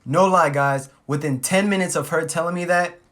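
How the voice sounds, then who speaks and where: Guy doing a storytime vlog, animated, cussing, comic. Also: fairly high pitch, normal speed. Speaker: vlogger.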